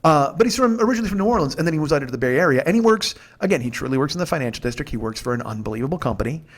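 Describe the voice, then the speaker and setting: A man's voice: mid-range voice, expressive, rapid-fire. A man in his forties hosting a comedy podcast, telling a story in a rambling, profane and incredulous rant that is full of restarts. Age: 40s.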